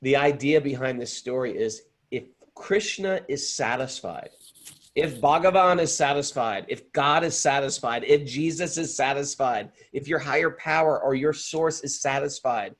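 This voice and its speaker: A man hosting a spiritual talk, telling a story in an animated, earnest way. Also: mid-range voice. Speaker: host. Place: home in upstate New York.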